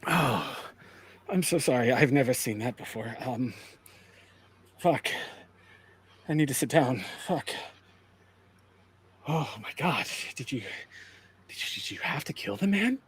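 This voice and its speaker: A man's voice: mid-range voice, expressive, a little slow, pauses often, husky. A man voicing a shaken male doctor close to panic, stammering and swearing. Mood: rattled.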